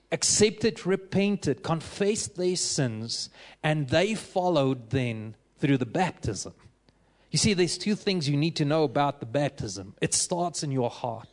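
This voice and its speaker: A man preaching a sermon, emphatic and rising to fervent exhortation. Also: on the high side.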